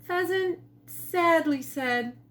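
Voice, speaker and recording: Teacher lady reading a kids book in her kitchen, high voice, slow and gentle. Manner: gentle, slow and expressive storytelling. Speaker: teacher reading her own children's story. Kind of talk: reading a picture book to children. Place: home kitchen.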